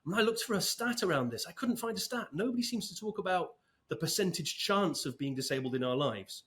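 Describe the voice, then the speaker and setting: A man in his fifties speaks as a podcast guest in relaxed, conversational talk. He is chatty and easygoing, with a self-deprecating, lightly humorous touch. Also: sits high, brisk. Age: 50s. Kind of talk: casual interview talk.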